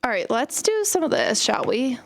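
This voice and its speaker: A woman's voice: high-pitched, big pitch swings, moderate pace, vocal fry, slight background noise. A young woman chatting casually and telling stories while she plays a game on stream. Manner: chatty, storytelling while playing. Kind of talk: casual gaming stream chat.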